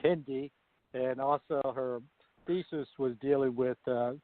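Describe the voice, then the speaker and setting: A man co-hosting a political talk radio show, telling stories in a chatty, animated way. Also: medium pitch, measured pace, no room sound. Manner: chatty storyteller, animated retellings. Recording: dry tinny phone line.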